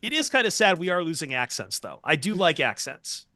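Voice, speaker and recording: A man co-hosting a casual sports podcast, making relaxed, wry remarks. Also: a little high, a little fast, dry recording, clean studio sound. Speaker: podcast co-host.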